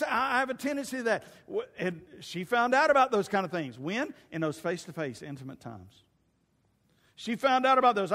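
High-voiced pastor preaching with humor. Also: male voice. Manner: animated, humorous storytelling with shouted asides. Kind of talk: sermon. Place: church sanctuary. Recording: long hall reverb.

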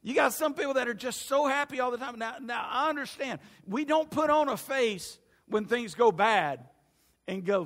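Casting: male pastor, high voice, animated and joking with the congregation, long church reverb. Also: fairly quick. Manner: animated and humorous, talks to the congregation. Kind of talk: sermon.

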